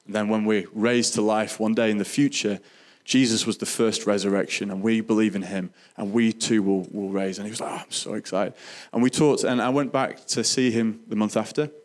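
Male speaker, earnest testimony delivery, somewhat low voice, halting with restarts. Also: fairly even intonation. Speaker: Christian speaker sharing testimony. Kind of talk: personal testimony storytelling.

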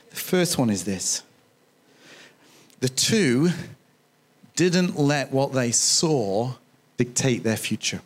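A man preaching to his congregation, his voice sitting a little high for a man. He talks in a relaxed, conversational way and repeats key phrases to drive them home. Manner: jokes with the congregation. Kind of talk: sermon.

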